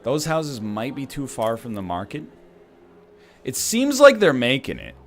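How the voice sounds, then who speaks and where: A man's voice: mid-range voice, wildly swooping pitch, unhurried. A man from Canada giving casual gameplay commentary as a streamer, rambling with joking asides. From Canada (Ontario).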